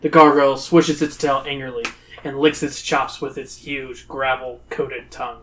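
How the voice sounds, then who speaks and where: A man's voice: mid-range voice, flat delivery, moderate pace, a little hiss or hum. A man hosting a podcast who reads a choose-your-path adventure book aloud to friends, with dramatic, playful emphasis. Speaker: podcast host reading a gamebook aloud. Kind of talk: reading a gamebook aloud on a comedy podcast.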